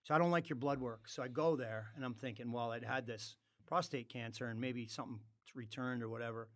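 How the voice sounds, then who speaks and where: A man's voice: mid-range voice, steady tone, a little fast, no room sound. A man telling a blunt anecdote on a podcast, acting out the quoted dialogue. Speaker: podcast guest. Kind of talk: casual anecdote.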